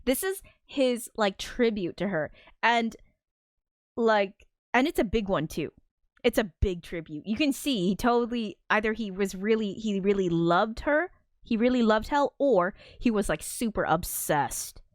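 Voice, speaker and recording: A woman's voice: mid-range voice, expressive, measured pace, no room sound, clean studio sound. Rambling woman streamer, casual swearing. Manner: rambling with many fillers, swears freely. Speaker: streamer hosting film commentary. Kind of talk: casual chat.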